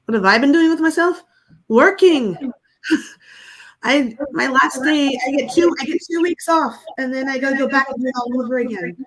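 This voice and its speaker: A woman, a panel guest, chatty and hoarse from a cough. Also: high voice, moderate pace, fairly bright tone, poor audio. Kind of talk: casual panel chat.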